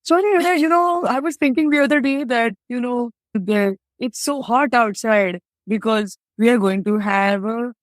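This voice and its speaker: A woman mimicking a high, long-winded rambling man. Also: no echo, lightly acted. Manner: drawn-out, meandering delivery.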